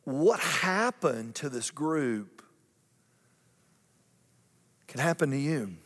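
A male pastor preaching a lively sermon, repeating phrases and climbing higher in pitch for emphasis. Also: very slow, long reverb tail. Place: church auditorium.

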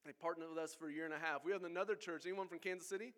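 A man's voice: a little high, fairly even intonation, racing, fairly bright tone. A man preaching a sermon as pastor, earnest and exhorting his congregation. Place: church sanctuary.

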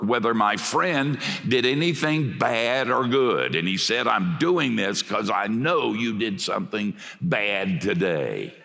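An older male preacher delivers a sermon in a low, gravelly voice, moving slowly and deliberately. His pitch rises and falls with lively animation, from hushed asides to near shouts. The sound carries a long, lingering reverb, as in a large hall. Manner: emphatic, swings from hushed to shouting. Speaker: pastor.

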